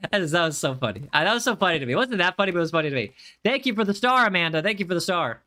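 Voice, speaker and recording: A man's voice: fairly high pitch, sing-song, fast, bright, forceful tone. A man with an American accent giving live gaming commentary, chatting with his viewers in a rambling way, repeating himself and restarting sentences as he plays. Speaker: game streamer.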